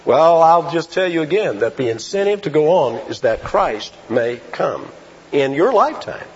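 A man preaching a sermon, asking rhetorical questions and stressing key phrases slowly. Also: fairly high pitch, very animated, breathy edge. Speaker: pastor. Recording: dull lo-fi sound.

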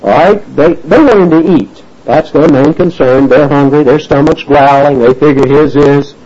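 A husky, mellow-toned man with a drawl preaches with a folksy, animated delivery and acts out the people in his story. His pitch rises and falls a lot. The recording sounds dull and lo-fi. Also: normal speed. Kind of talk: sermon.

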